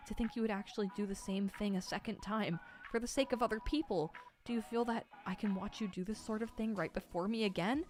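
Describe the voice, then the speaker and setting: A woman reading the lines of a distraught young male disciple, pleading and quavering, raised in pitch above her usual reading voice. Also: fairly even intonation, a little fast, a little mellow, lightly acted. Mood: hurt.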